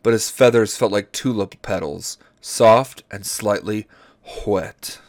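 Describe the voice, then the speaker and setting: A man co-hosting a comedy podcast, reading a story aloud in a deadpan way and stopping to comment on the text. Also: lowish voice, a little slow, dry recording, clean studio sound. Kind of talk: comedic read-aloud with banter.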